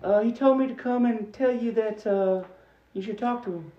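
A man doing a squeaky nervous messenger. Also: far from the mic, lightly acted. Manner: hesitant, halting. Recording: roomy, dull sound with faint music.

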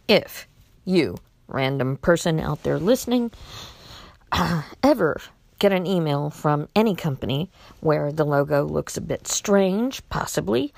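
A woman's voice: low voice, creaky, no echo. A woman talking casually to her viewers with a blunt, exasperated and outspoken manner. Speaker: vlogger warning about scams. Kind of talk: casual monologue to camera.

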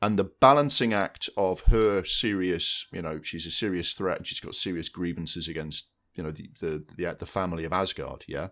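His voice sits low and a bit bright, and he keeps a moderate pace with hardly any pauses. Co-hosting a podcast, he chats casually about new film releases, rambling through restarts mid-sentence.

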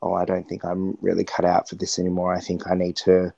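Low-voiced guy, earnest, restarts a lot, sounds kinda muffled. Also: monotone, fast, gravelly, dark tone, dry recording. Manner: earnest, searching, many restarts. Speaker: interview guest, stage performer. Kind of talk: reflective conversational interview.

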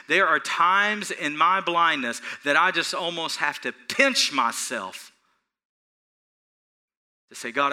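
Bright-voiced man preaching a sermon. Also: fairly high pitch. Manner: earnest and animated, repeating phrases for emphasis. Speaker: pastor.

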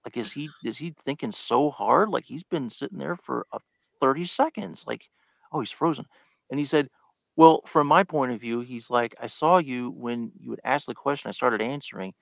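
A man's voice: medium pitch, moderate pace, gravelly, no room sound. A man chatting as a guest on a live podcast, telling a story and acting out the lines he quotes. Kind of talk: casual live podcast chat.

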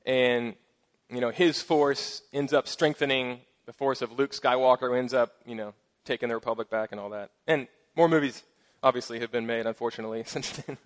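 A middle-aged pastor speaks a little fast in a mid-range voice during his sermon. He stays easygoing and playful, adding jokes on the side and lively stress on his points.

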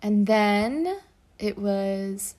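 A woman's voice: medium pitch, lively intonation, extremely slow, darkish tone. A young woman co-hosting a podcast, chatting and gushing as she recaps a show. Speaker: podcast co-host. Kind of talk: casual chat recapping a show.

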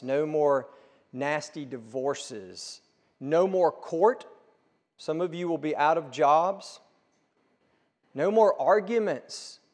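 Male pastor, high voice, unhurried sermon delivery with emphatic repetition, big hall reverb. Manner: building emphatic repetition, rising to forceful peaks. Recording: long reverb of a large room.

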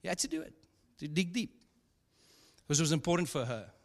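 Man, pastor, high voice, conversational sermon, jokey storytelling, long hall reverb. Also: sing-song, quick pace, vocal fry. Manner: conversational, humorous storytelling with laughs.

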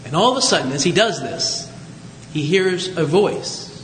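A male pastor preaching a sermon with lively storytelling, jokes and asides, recorded in an echoey hall with a faint rumble. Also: moderate pace.

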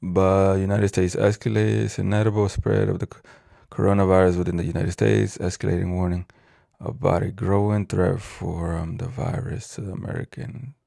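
A man's voice: low voice, little pitch movement, moderate pace, creaky, mellow, dry recording, studio quality. A man from ranting casually on his own video, profane and rambling, stumbling over words as he reads the news aloud. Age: adult with a child. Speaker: vlogger.

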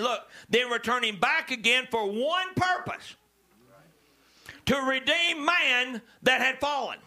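A male preacher delivering a sermon, dropping to low murmurs and rising to shouted calls to the congregation. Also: lively intonation, slow pace. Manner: swings from low murmurs to loud shouted exhortations.

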